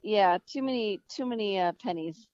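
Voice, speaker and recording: A woman's voice: medium pitch, a little mellow, dry recording. A woman talks hesitantly and corrects herself as she chats on a podcast. Her voice sits in a middle range. The sound is dull and lo-fi, and it is dry. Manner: hesitant, halting, self-correcting. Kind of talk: casual chat.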